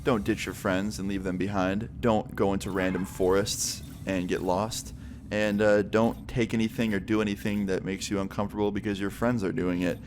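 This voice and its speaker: A man in his twenties telling a casual storytime vlog in a relaxed, loose way with lots of fillers. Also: lowish voice, normal speed, slight background noise. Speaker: storytime vlogger.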